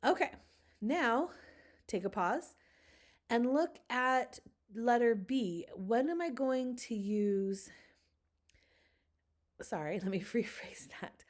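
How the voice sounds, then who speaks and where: A woman's voice: a little high, expressive, slow pace, long pauses. A woman giving a recorded phonics lecture in an upbeat, chatty way, laughing at her own slips. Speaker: teacher trainer.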